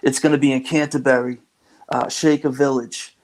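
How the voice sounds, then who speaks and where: A man's voice: medium pitch, level tone, normal speed, rough recording. A man with a thick Boston accent, a guest musician talking casually, rambling and laughing easily. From Lowell, Massachusetts. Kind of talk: casual chat.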